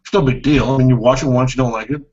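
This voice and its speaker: Husky man chiming in on casual chat. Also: medium pitch, fairly even intonation, racing, darkish tone. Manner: short reactive comments, laughs often. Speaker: podcast co-host. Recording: dull lo-fi recording.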